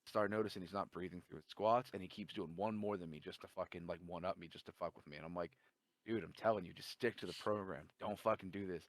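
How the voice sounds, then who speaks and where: A man's voice: low-pitched, quick pace, no echo. A man telling a long story in casual chat, swearing a lot and acting out the dialogue. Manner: profane, animated storytelling with quoted dialogue.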